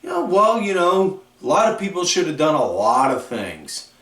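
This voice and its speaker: A man's voice: fairly high pitch, big pitch swings, fairly bright tone. A man hosting a wrestling podcast, recapping shows in a rambling, casual way full of fillers. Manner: slow, drawn-out, rambling delivery with frequent fillers. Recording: echoey room, far from the mic.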